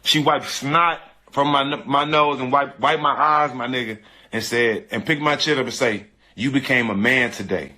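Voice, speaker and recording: With a medium pitch, fairly even intonation, and a bright, forceful tone, this man speaks at a moderate pace. He's a guest earnestly describing a painful personal episode, his casual talk full of slang and repetition.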